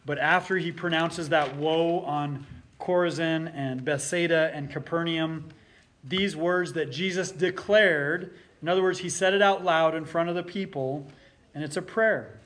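A man preaching a sermon as pastor, with a voice pitched a little above the usual for men. He reads scripture aloud with mounting force, then drops back to explain it in plain terms. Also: steady tone, measured pace, a bit bright.

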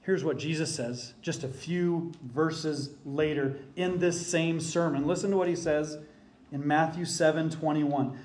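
A man's voice: a little high, steady tone, a little slow, a little mellow. Emphatic preaching man in an echoey hall. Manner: emphatic preaching, rising for scripture quotes. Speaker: pastor. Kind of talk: sermon.

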